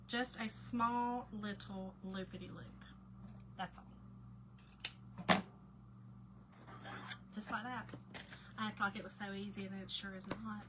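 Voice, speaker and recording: A woman's voice: medium pitch, steady tone, takes it slowly, pauses often. A woman hosting a casual live craft demo, greeting viewers by name and muttering to herself while she works. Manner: chatty, warm greetings to chat viewers, often drops to quiet mutters while concentrating. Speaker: craft livestream host. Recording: noticeable background noise.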